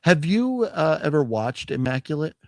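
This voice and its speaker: A male co-host of a physical media haul show chats casually at a moderate pace, his pitch lively as he rambles. Expect free swearing, product blurbs read aloud, restarted sentences and hedging fillers, captured at studio quality with no echo.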